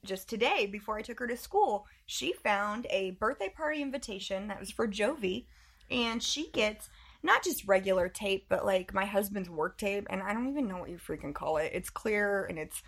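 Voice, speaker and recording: A woman in her thirties, a podcast co-host, telling mom stories in casual chat, animated and laughing often. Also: mid-range voice, moderate pace. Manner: animated storytelling, laughs often, acts out voices.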